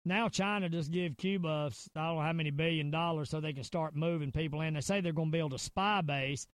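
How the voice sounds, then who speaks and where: High-voiced Southern man ranting. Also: fairly quick, no room sound. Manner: rambling and emphatic, with frequent fillers and restarts. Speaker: podcast host. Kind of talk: casual conspiracy-minded rant.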